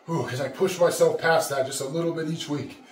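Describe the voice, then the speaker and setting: A fired-up man with a drawl and a fairly high voice, swearing through hard workout talk. He pants and pushes himself between sets. The home gym sounds echoey, with a faint hum behind him. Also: steady tone, fairly quick. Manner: profane, pumped-up self-talk, panting between sets. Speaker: fitness vlogger. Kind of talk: casual gym vlog.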